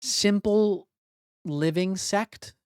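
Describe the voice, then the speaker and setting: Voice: medium pitch, very slow, smooth, no room sound, studio quality. A live streamer chatting casually with viewers while solving word puzzles, thinking aloud with blunt, profane banter. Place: home streaming room.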